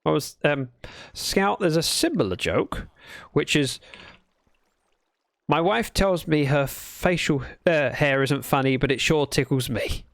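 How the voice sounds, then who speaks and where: A man's voice: on the high side, measured pace, creaky, fairly bright tone, no echo. A man chatting casually while livestreaming a building game, playfully telling dad jokes to his chat.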